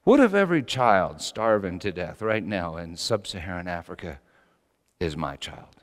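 God as a tender father, voiced by a man, quiet and gentle, soft questioning; long hall reverb. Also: sits low, sing-song, moderate pace, voice pushed down.

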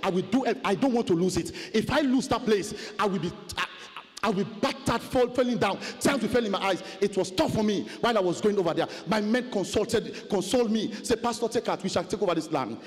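A man preaching a fiery sermon testimony, chanting and shouting repeated refrains. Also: high voice, fairly quick. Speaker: pastor. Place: large conference hall. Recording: long hall reverb.

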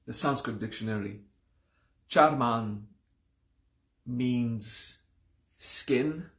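A man leads a class at an unhurried pace, saying each term slowly and then repeating it. His voice is gravelly and a little groggy, as if he just woke up. The room around him has a clear echo. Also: medium pitch, a bit bright. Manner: slow and deliberate, repeating terms several times. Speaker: yoga teacher. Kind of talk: live-streamed class teaching.

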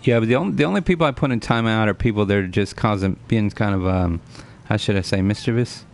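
Gravelly and on the low side, this man in his forties speaks fast, with a little hiss or hum in the recording. He chats earnestly with his live-stream audience, lecturing and repeating points while replying to viewers by name.

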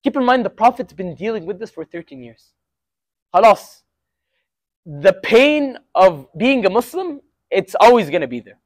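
A young man with a notably high voice gives a casual storytelling lesson, and his speech is full of Arabic fillers. The sound is dry and close. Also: sing-song, moderate pace, long pauses, dry recording. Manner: casual, conversational, with frequent Arabic filler words. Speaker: student speaker at a university Muslim association. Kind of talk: informal religious storytelling lesson.

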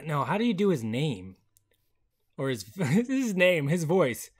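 A man hosting a casual gameplay video on a headset mic, excitable and chatty, laughing often. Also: medium pitch, normal speed. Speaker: gaming video host.

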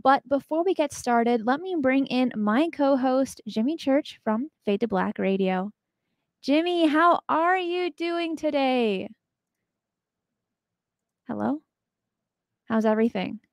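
A woman hosting a casual live-streamed talk show, upbeat and chatty. Her voice sits fairly high, and the recording is close and dry. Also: lively intonation, slow pace, long pauses, no echo. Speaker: show host.

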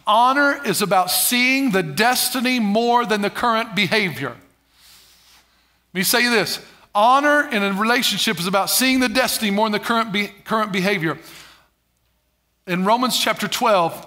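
A man's voice: sits high, pushed and bright. A middle-aged male pastor preaching a sermon in church, calling for responses and repeating key phrases. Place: church sanctuary.

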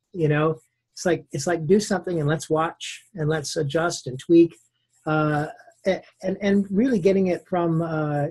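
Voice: medium pitch, a little mellow, husky. An interviewer asking questions and affirming the guest, with many fillers. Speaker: interviewer, host. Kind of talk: conversational interview.

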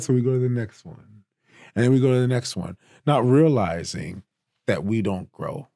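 A man teaching a Bible study in a casual, emphatic way, raising his voice to stress points and slowing down on key phrases. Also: mid-range voice, animated, mellow, no room sound, clean studio sound. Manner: emphatic and conversational, rising for stress, drawing words out slowly.

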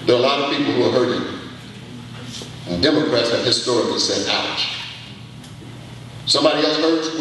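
Male orator, bright forceful voice, preacherly build and repetition; distant echoey banquet-hall recording. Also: medium pitch, fairly quick, long pauses. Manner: preacherly, building to emphatic rising peaks with repetition. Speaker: political speaker. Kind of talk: rousing political speech.

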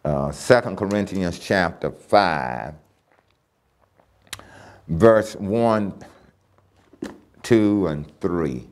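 Man, Bible teacher, deep-ish voice, slow, emphatic, repeats phrases, reads scripture. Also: lively intonation, darkish tone. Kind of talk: church Bible lesson.

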